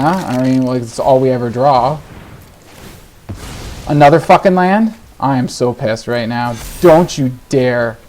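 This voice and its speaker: Male gameplay host, frustrated rant, mutters then yells, mid pitch. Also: slight background noise. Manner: exasperated ranting, swearing, swings between muttering and shouting. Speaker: gaming video host. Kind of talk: live gameplay commentary.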